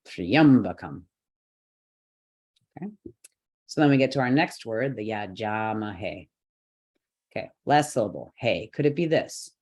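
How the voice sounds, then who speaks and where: A man who teaches yoga and mantra gives an online chant lesson, explaining each rule patiently in sequence and letting out light laughs here and there. His voice is medium in pitch with a darkish tone.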